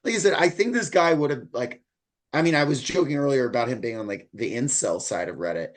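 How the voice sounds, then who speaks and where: A man in casual podcast conversation with a mid-range voice, neither high nor low. He talks loosely and meanders, leaning on likes and ums as he goes. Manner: rambling, loose delivery full of likes and ums. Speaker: podcast co-host. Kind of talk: casual book-discussion chat.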